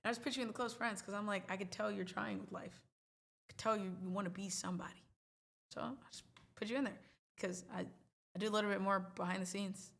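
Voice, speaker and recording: A woman's voice: mid-range voice, vocal fry, fairly bright tone. A woman hosting a livestream, talking casually to her viewers in a rambling, playful, chatty way. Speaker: livestream host.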